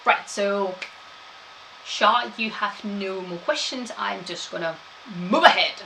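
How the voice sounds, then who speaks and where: Bright-voiced woman streaming history. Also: mid-range voice, takes it slowly, creaky, a little hiss or hum, poor audio. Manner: chatty, laughs often, animated asides. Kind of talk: live-streamed history talk, reading chat.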